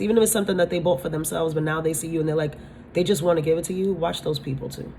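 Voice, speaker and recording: A woman's voice: on the low side, fast, warm tone, slight background noise. A woman giving a spiritual tarot-style reading, talking bluntly, swearing freely and often asking her listeners if they understand. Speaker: tarot reader.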